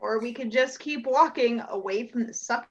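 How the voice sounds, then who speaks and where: A woman's voice: fairly high pitch, normal speed, lo-fi sound, natural voice. A woman reading the part of a blunt, scornful young woman in a live play reading.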